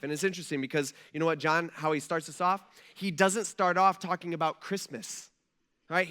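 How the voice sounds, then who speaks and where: A man preaching a relaxed, conversational sermon as pastor, often checking in with the congregation. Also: on the high side. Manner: casual, folksy, asks the room "right?" often.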